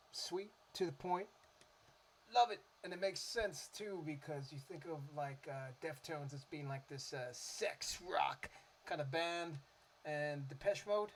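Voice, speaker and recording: A man's voice: on the high side, slight background noise. A man chatting casually into a microphone about his favourite cover songs, rambling with lots of fillers and restarts. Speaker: music vlogger. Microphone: desktop microphone.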